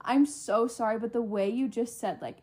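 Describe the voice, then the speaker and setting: Husky young woman telling a story. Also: fairly high pitch, moderate pace. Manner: animated storytelling, laughing often. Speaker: podcast co-host. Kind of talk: casual chat.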